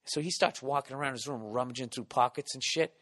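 A man hosting a podcast, telling a profane comic story in an animated, mock-ranting way. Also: medium pitch, fast talker, big-room sound. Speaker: podcast host.

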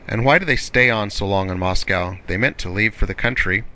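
A man's voice: on the low side, a little fast, pushed and bright. A man reading the part of a militia officer in an audiobook, wry and dismissive.

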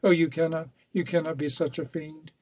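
A man's voice: a little high, steady tone, a little fast, a little mellow, no echo, lightly acted. Male narrator as a distraught young heroine in a storybook, pleading; dry close sound. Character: desperate young woman begging for her uncle.

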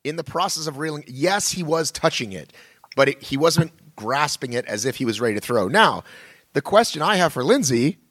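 Lively, restless male podcast co-host. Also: a little high, moderate pace, dry recording. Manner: animated, rambling with many restarts. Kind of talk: casual chat.

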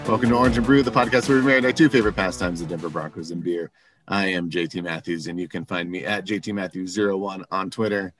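Deep-voiced friendly male podcast host. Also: fairly even intonation, quick pace, over music. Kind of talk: casual sports podcast chat.

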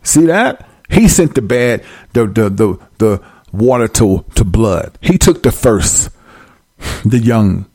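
Gravelly preaching man, dry sound. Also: on the low side, very animated, slow pace, dark tone, no echo. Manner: emphatic, slangy, acts out frightened voices. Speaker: street preacher. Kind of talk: informal preaching and scripture reading.

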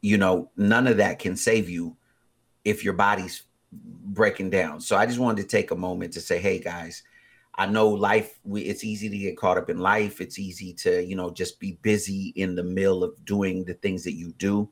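A man in his forties with a husky voice, chatting casually as a podcast co-host, rambling with many fillers and animated bursts. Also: deep voice, normal speed. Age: 40s. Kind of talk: casual chat.

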